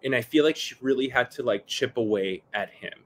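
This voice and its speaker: A man's voice: mid-range voice, a little fast, slight background noise. A man chatting casually as a podcast guest, talking with animation and mimicking the people he describes. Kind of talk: casual chat. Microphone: video call.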